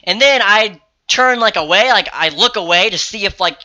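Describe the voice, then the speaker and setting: A teenage boy with a high, very bright, sharp voice rambles through a story for his vlog. He swears constantly and talks with restless excitement. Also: normal speed. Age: teens. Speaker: vlogger. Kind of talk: casual storytelling to camera.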